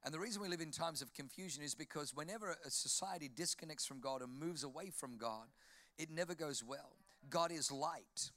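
A man with an Australian accent preaching a sermon, telling jokey stories in an animated way. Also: on the high side, a little fast, no room sound. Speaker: pastor.

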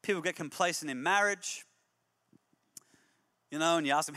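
A man preaching a humorous, energetic sermon as a pastor, moving between jokey stories and emphatic exhortation. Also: on the high side, moderate pace, long pauses, long reverb tail. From Australia. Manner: animated storyteller, jokey then emphatic and exhorting.

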